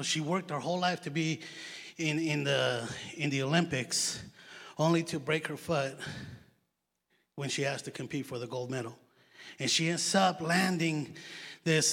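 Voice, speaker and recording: A man's voice: high-pitched, sharp tone. A man preaching a chatty, storytelling sermon in a church, joking about himself. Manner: chatty, storytelling, self-mocking. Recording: long hall reverb.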